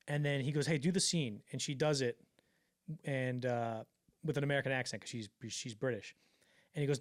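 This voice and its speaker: A man telling a story on a casual podcast, swearing freely and acting out the quotes in quick put-on voices. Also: medium pitch, fairly even intonation, dry recording, studio quality. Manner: fast, profane, acts out quotes in voices. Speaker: podcast co-host.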